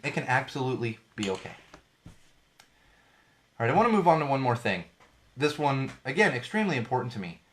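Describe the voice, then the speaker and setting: A man's voice: mid-range voice, big pitch swings, fairly quick, long pauses, a bit bright. Guy rambling on his own podcast, candid, restarts a lot, just talking off the cuff. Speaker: podcast host. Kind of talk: casual solo podcast talk.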